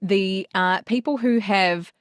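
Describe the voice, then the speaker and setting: A woman's voice: mid-range voice, takes it slowly, smooth, dry recording, studio quality. A woman who works as a voice therapist, co-hosting a podcast and explaining her own experience in a reflective way. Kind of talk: casual chat.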